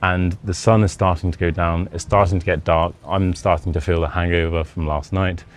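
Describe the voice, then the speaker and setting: A man's voice: low-pitched, steady tone, a little fast. A young British man with a Modern RP accent, an English teacher casually telling a self-deprecating personal anecdote. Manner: chatty, self-deprecating, acts out quoted dialogue.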